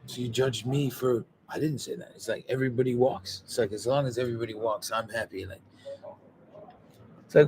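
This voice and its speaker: A man in a loose, rambling talk, tossing in swear words and quick quoted voices. His pitch sits in an ordinary middle range. Faint ambient noise hums behind him. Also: a little mellow. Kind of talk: rambling casual monologue.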